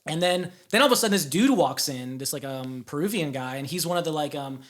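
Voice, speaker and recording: A man's voice: a little high, animated, fast. Rambling young man telling a story. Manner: rambling, filler-heavy, swears. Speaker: podcast guest. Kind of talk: casual storytelling.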